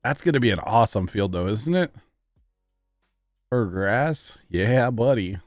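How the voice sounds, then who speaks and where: Chatty male streamer with quick exclamations. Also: lowish voice, expressive, no echo, studio quality, faint music behind. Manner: chatty, thanks viewers, quick exclamations and laughs. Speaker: livestreamer. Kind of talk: casual gaming livestream chat.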